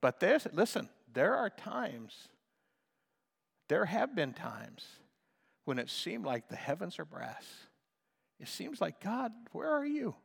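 Older preacher man with a lively, bright voice. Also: on the high side, slow, creaky, pauses often, slightly rough, long reverb tail. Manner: impassioned, shifts between hushed and shouting. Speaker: pastor. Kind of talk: sermon.

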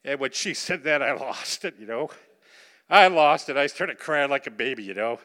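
A man preaching a sermon, telling a story with animated emphasis and putting questions to the congregation. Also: mid-range voice, a little fast. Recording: long hall reverb.

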